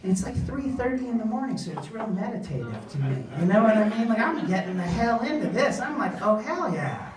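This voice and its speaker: In a small venue, a woman performs stand-up, telling rambling, self-deprecating stories. Her pitch is fairly high and swings widely, and she talks fairly quickly with few pauses. The club is echoey, the mic distant, and a crowd can be heard.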